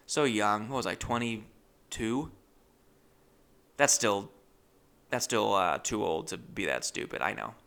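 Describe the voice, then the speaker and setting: Bright, clear-voiced man telling a comic story. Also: medium pitch. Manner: animated, self-deprecating, addresses listeners as folks. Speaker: comedian. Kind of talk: comedic storytelling.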